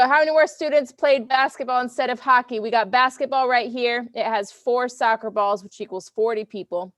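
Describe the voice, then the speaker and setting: Playful, teasing teacher on a call. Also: female voice, a little high, normal speed, no echo. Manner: playful, teasing, animated, Southern US colloquial. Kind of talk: online class review game. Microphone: computer mic on video call.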